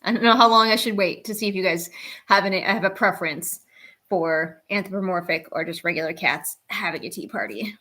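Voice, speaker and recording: A woman's voice: medium pitch, a little fast, pushed and bright. A woman chatting casually on a live stream as she draws at home, talking to her viewers. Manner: chatty, talks to her cats and chat. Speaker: art streamer. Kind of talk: casual live-stream chat while drawing.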